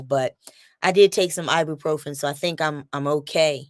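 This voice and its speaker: Low-voiced woman telling a lively story. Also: moderate pace, no echo, clean studio sound. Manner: animated storytelling, acts out quotes and repeats phrases. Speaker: vlogger. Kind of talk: casual chat to camera.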